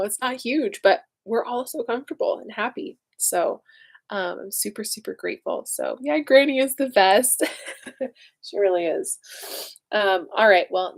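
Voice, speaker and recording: A woman, chatting casually and emotionally with viewers as host of a livestream. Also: medium pitch. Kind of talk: casual live chat with viewers.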